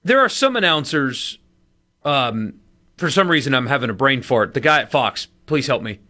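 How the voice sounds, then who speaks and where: An animated man co-hosts a sports talk radio show, his pitch swinging up and down as he talks. His voice sits in the middle range, and he keeps the chat casual and quick to react. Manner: animated, lively inflection, runs winner and loser segment.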